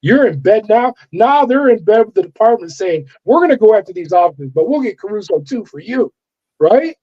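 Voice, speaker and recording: Animated, profane man telling his story. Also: sits high, fairly quick, husky. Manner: animated, profane, acts out quoted dialogue. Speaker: guest, former corrections officer. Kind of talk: interview storytelling. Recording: dull lo-fi audio.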